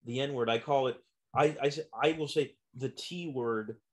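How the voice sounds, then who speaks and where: A man in casual podcast chat who speaks in a deadpan, ironic way. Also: mid-range voice, moderate pace. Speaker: podcast guest.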